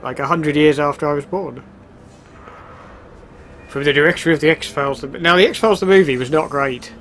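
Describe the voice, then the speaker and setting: A man's voice: on the high side, normal speed, fairly bright tone, slight background noise. A man giving casual, wry commentary while starting a video game, with sarcastic asides. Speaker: let's play host.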